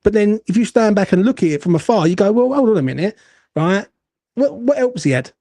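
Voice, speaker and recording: A man's voice: high voice, animated, brisk, mellow, no echo. A man hosting a football fan show, blunt and swearing as he rants. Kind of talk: heated fan call-in chat.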